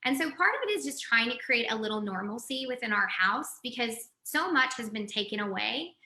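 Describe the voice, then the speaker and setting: A bright, forceful woman in her forties from West Texas talks in a chatty, animated way and laughs easily. Her voice sits a little high and comes over a video call from an echoey room. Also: a little fast. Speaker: guest, communications executive.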